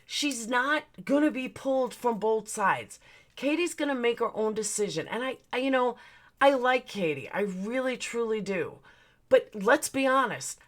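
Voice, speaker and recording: Heated, animated woman ranting on stream. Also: mid-range voice. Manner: heated, profane, greets chatters mid-rant. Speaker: livestream host. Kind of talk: casual livestream rant.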